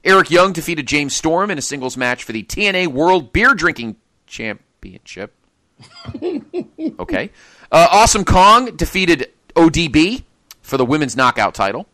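A man's voice: a little high, big pitch swings, moderate pace, pushed and bright, no echo. A man hosting a podcast, reading match results aloud with incredulous asides and frequent laughter. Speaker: podcast host. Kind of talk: casual chat, reading match cards.

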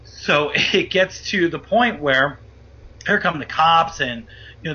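A man telling a wild story as a guest, animated and profane, acting out the voices of the people in it. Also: a little high, measured pace, breathy edge. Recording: muffled lo-fi audio.

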